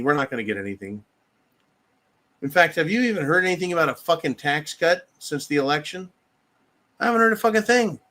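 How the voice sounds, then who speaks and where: During his political livestream, an American host reads viewer comments and unleashes an angry, blunt rant full of profanity. His voice sits on the high side, with a bright, forceful tone.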